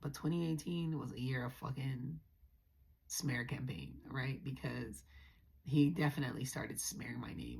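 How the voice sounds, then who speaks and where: A woman's voice: extremely low pitch, animated, unhurried, vocal fry, a little mellow, a little hiss or hum. A woman hosting a podcast, telling her own story in a candid, blunt way and often calling her listeners y'all. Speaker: podcast host. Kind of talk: confessional personal storytelling.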